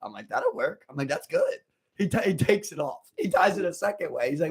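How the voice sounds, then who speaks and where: A man's voice: a little high, brisk, breathy edge. A man with a Baltimore accent co-hosting a casual podcast, telling stories and acting out the voices of the people in them. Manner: animated storyteller, acts out quoted voices. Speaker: podcast co-host.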